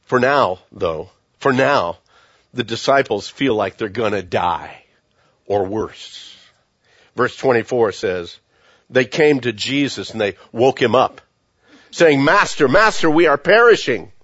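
A man preaching a sermon as pastor, earnest and repetitive, often dropping his voice to a hush for emphasis. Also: on the low side, slow, slightly rough, dry recording. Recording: dull, lo-fi sound.

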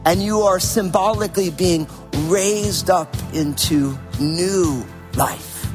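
A man's voice: high voice, slow pace. A middle-aged man from New Jersey, a pastor preaching casually and telling a personal story. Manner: casual, conversational, with self-deprecating asides. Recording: long reverb with faint music behind.

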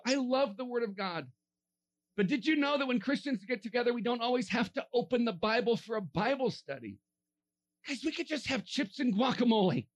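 A man preaching a sermon, telling a story with lively energy, acting out characters in funny voices and laughing often. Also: very high-pitched.

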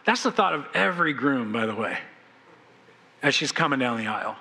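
A man preaching a sermon as pastor, animated and playful, acting out the scenes he describes. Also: medium pitch, a little fast, vocal fry, slightly rough, big-room sound, rough recording. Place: church sanctuary.

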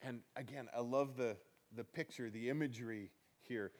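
A man's voice: mid-range voice, moderate pace, a little mellow. A man pastor preaching a conversational sermon, folksy and emphatic, swelling on key points and chuckling between them.

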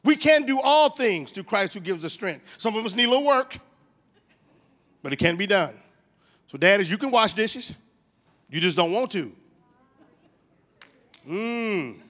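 A middle-aged man giving a comic, animated sermon as a motivational church speaker, telling stories with comic voices. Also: high voice, measured pace, long pauses.

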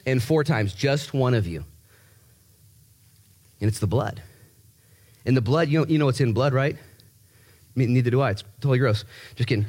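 Animated, jokey male pastor preaching. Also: fairly quick, long pauses. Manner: animated, jokey, repeats himself, voice jumps high for emphasis. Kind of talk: sermon.

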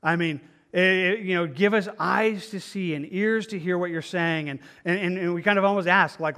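Earnest higher-voiced man teaching scripture. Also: normal speed, fairly bright tone. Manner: earnest, conversational, frequent restarts. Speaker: pastor. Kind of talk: expository Bible teaching.

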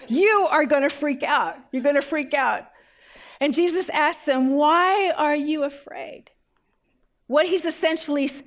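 A middle-aged woman preaching a sermon as a pastor, telling the story with everyday examples and rhetorical questions. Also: high voice.

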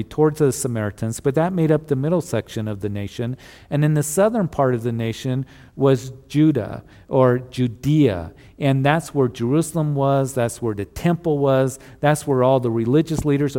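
A man's voice: medium pitch, darkish tone. A man preaching a sermon, retelling Bible stories in a conversational teaching manner and often asking his listeners to recall earlier passages. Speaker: pastor. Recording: long hall reverb.

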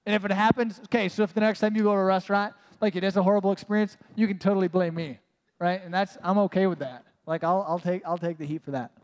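A man's voice: high voice, steady tone, fast talker. A man preaching a conversational sermon as a pastor, casual and self-mocking, with many "like" asides. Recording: long reverb of a large hall.

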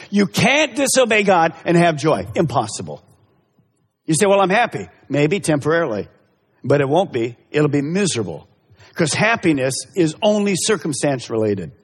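A man's voice: on the high side, husky. A male pastor preaching a sermon in an emphatic way, repeating key phrases and speaking straight to the congregation. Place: church service. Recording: echoey hall reverb.

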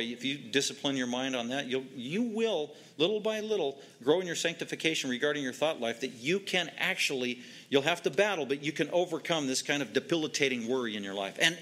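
A man's voice: medium pitch, bright, forceful tone. A man preaching a sermon, emphatic and repetitive, driving home short commands. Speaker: pastor.

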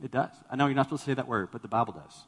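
A man's voice: mid-range voice, racing, fairly bright tone, big-room sound. A man preaching a sermon as a pastor to a congregation, talking animatedly and acting out the people he quotes. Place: church sanctuary with congregation.

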